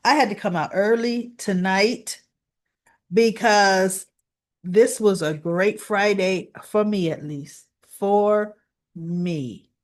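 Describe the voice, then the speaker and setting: A woman casually recapping a soap-opera episode in a chatty, animated way. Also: mid-range voice, takes it slowly. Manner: chatty, animated retelling with laughs.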